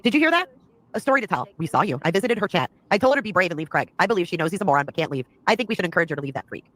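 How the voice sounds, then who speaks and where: A woman's voice: on the low side, very animated, very fast, fairly bright tone, rough recording. A woman on a livestream reading chat comments aloud and answering them bluntly.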